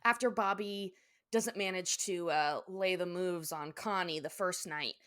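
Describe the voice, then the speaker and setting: Bright, eager woman on a chatty podcast. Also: lowish voice, a little slow. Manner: enthusiastic, laughs often, acts out cartoon lines. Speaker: podcast guest. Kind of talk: casual podcast chat.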